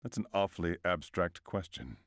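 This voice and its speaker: A woman's voice: rumbling low, animated, moderate pace, no echo, studio quality, pitched below the performer's own voice. A woman voicing a huge, stoic male cyborg soldier in a game read-along, speaking formally and patiently. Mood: dry.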